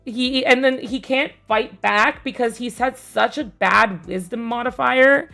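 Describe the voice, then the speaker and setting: A young woman streamer casually telling a tabletop game story, rambling with fillers and casual swearing, growing more animated as it goes. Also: a little high, unhurried, gravelly, soft background music. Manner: gets louder and more animated as the story builds.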